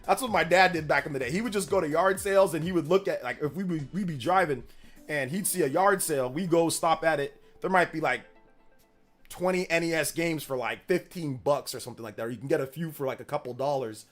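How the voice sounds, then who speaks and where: Faint music plays behind this streamer as he reads chat, his voice fairly high, fairly quick, and somewhat bright. He's a man in his thirties chatting loosely with viewers, rambling in slang and saying things more than once.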